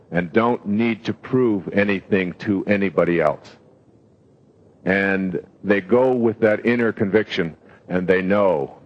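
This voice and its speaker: Low-voiced man telling stories. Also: muffled recording. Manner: storytelling, rambling with fillers. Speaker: self-help speaker. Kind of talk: live motivational talk.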